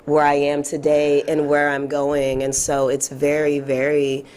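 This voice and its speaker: A woman in her thirties with a raspy voice, talking reflectively as an interview guest, with many fillers. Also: deep voice, completely flat delivery, a little slow, a little mellow. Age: 30s. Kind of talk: casual interview chat.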